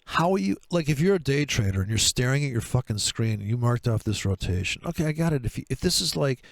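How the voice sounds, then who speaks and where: A man talking through trading charts in a profane, sarcastic rant, with a gravelly voice. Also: medium pitch, sing-song, fast, dry recording. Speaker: trader. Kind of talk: screen-share trading commentary.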